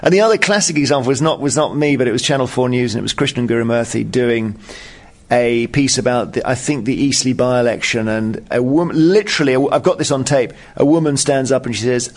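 A man's voice: medium pitch, quick pace. A man who is a radio presenter and author, telling stories as a guest in a chatty, amused way. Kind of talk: anecdotal storytelling in interview.

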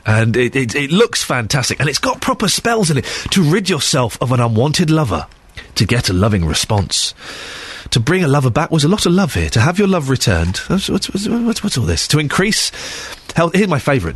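A man's voice: a little high, a bit bright, husky, no room sound. A man filling in as a radio presenter, chatty and joking at his own expense, sounding a bit bunged up, speaking into a studio microphone. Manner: chatty, joking, self-deprecating. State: congested, bunged up. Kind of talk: casual radio links.

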